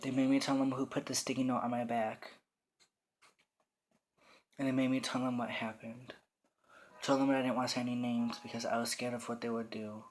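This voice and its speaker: A teenage boy telling his own story in the first person, quiet, somber and plainly spoken. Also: mid-range voice, level tone, brisk, long pauses, slight background noise. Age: teens. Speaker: storyteller recounting coming out.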